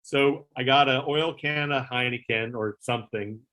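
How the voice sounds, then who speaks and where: At a moderate pace and medium pitch, an ex-talk show producer tells a long backstage story. The delivery is casual and rambling, animated, full of fillers, and includes some swearing.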